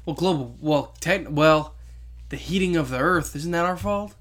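Young adult, casual chat, bright voice, jokey and teasing. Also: medium pitch, moderate pace. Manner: teasing, jokey, interrupts with silly guesses.

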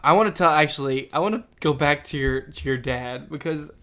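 Animated young man telling stories. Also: fairly high pitch, brisk. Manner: animated storyteller, ranting with loud bursts. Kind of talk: casual chat.

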